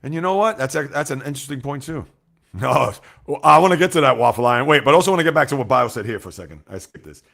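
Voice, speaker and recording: A man hosting a sports livestream, chatting casually and animatedly with his viewers, reading their comments aloud and swinging between loud outbursts and quiet asides. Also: mid-range voice, animated, racing, vocal fry. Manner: talks straight to chat, reads out viewer comments.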